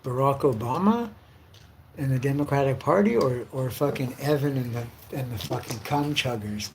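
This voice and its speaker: With slight background noise, a man hosting his own livestream speaks at normal speed in a medium-pitched, expressive, darkish voice. He rambles through loose, run-on stories in a casual rant, packed with heavy profanity.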